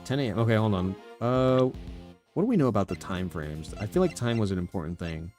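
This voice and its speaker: A man's voice: lowish voice, expressive, fairly quick, darkish tone, faint music behind. Casual man streaming a game. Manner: casual, laughs at himself. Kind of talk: let's-play commentary.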